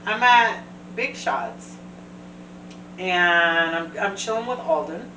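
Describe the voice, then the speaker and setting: A woman's voice: on the low side, takes it slowly, muffled recording, background noise. A woman hosting a casual chat, telling a story and acting out what others said. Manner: animated storyteller, acts out quotes. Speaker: host. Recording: echoey room, distant mic.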